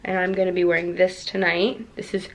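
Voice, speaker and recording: A woman's voice: on the low side, flat delivery, brisk. A young woman rambling and giggling as she chats casually to the camera in a vlog. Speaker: vlogger.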